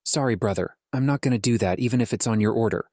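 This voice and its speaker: A man's voice: medium pitch, fast, darkish tone, no echo, clean studio sound, close to an everyday voice. A man reading an audiobook and voicing a stubborn, loyal young army commander who talks bluntly and defiantly.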